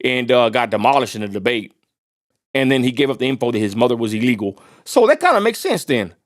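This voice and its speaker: A man's voice: mid-range voice, very animated, fast. A man hosting a live stream, giving blunt, scornful political commentary with a Texan accent, rambling with frequent restarts.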